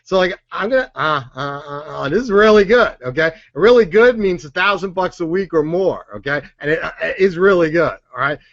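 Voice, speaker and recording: A man leading a sales training session, energetic and joking, driving his points home with "okay?" and "right?". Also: on the high side, brisk, hardly any pauses, muffled recording. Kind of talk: live sales training talk.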